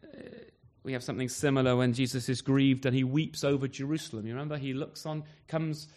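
A man's voice: mid-range voice, level tone, fairly quick, darkish tone. A man preaching a sermon at an evening service, emphatic, often closing points with rhetorical tag questions like "isn't he?".

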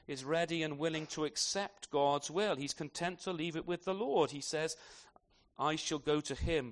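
A high-voiced man preaching in a church, his pitch leaping up and down as he works through a passage. He keeps asking the congregation rhetorical tag questions and often repeats a word while he restarts a phrase. The delivery is lively and conversational rather than formal. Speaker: pastor. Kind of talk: expository sermon.

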